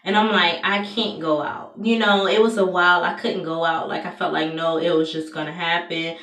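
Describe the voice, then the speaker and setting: A young adult woman, soft-spoken and confiding as she tells a personal story to the camera, with many fillers. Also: lowish voice, flat delivery, fairly quick. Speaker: vlogger. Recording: echoey room, far from mic.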